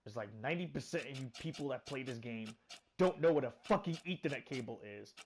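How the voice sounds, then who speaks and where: Frustrated man ranting with lively pitch. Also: fast talker. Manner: frustrated, swearing, swings from muttering to loud outbursts. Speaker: gaming vlogger. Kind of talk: angry rant to camera. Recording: loud background noise, vehicle sounds.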